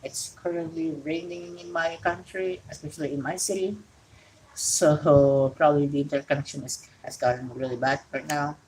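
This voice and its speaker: A woman's voice: sits low, steady tone, normal speed, darkish tone, low-quality recording. A woman from Indonesia, an English speaker, hosting a casual solo wrestling talk show from home and rambling with frequent self-corrections. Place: home during rain.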